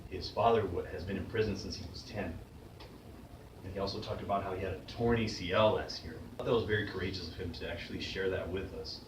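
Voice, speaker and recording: Earnest man telling stories in an echoey room. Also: on the low side. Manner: earnest, conversational, with frequent restarts. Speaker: motivational speaker. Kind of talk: personal storytelling speech. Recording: echoey room from a distant mic with faint background noise.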